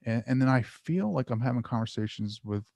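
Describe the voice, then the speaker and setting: A man guest talking about meditation and spirituality in a rambling way, full of restarts, animated when he tells a story. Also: medium pitch, brisk, creaky, dry recording. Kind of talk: casual spiritual chat.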